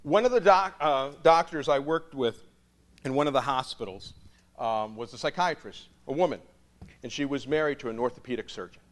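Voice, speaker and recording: A male priest telling stories in a sermon, an animated storyteller who laughs often. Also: mid-range voice, moderate pace.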